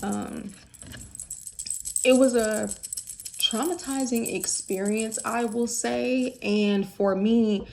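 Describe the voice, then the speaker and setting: A woman's voice: a little high, vocal fry, a little mellow, slight background noise. Chatty candid woman vlogger. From United States. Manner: chatty and candid, with lots of fillers. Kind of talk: candid casual chat.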